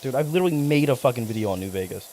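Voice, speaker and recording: A man's voice: mid-range voice, expressive, rapid-fire, a little mellow. A young man talks casually into his mic while he plays a game. His voice jumps around a lot. He rambles and swears, and he answers his chat with playful, exaggerated indignation. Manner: profane, rambling, mock-outraged banter with chat. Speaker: streamer. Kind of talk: casual live-stream commentary while gaming.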